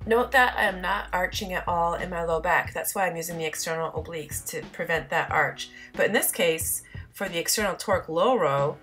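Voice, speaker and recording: A woman's voice: fairly low pitch, fairly quick, a bit bright, soft background music. A woman fitness vlogger narrating her workout in voice-over, explaining the muscles she works in detail.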